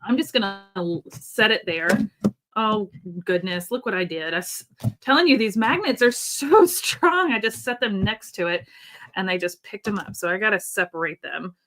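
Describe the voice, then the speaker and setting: Her voice sits lowish, pushed and bright, at a normal pace. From a sewing desk in Nashville under an air-conditioning vent, she hosts a live online event, demonstrating products, reading viewers' comments aloud and chatting warmly with plenty of ums.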